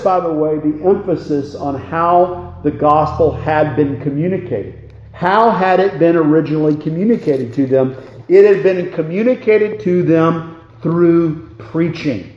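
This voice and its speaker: A man delivers a sermon at a slow, measured pace, his voice sitting a little higher than most men's. He leans into emphatic phrases and reads scripture aloud. The sound is roomy and echoey, like a church hall. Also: dark tone. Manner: deliberate, emphatic preaching cadence with scripture reading. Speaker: preacher. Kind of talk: expository sermon.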